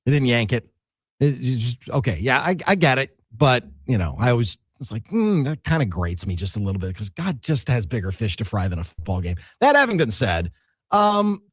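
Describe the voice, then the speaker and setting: Animated sports radio co-host, dry studio. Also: male voice, medium pitch, slightly rough, no room sound. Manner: animated, joking, halting restarts. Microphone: studio mic.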